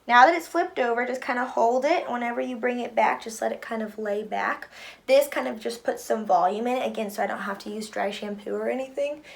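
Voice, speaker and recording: A young woman chatting casually through a hair tutorial, her voice a bit tired and hoarse, filling her talk with lots of "like". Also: a little high, fairly quick. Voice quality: chatty, many "like"s. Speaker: beauty vlogger.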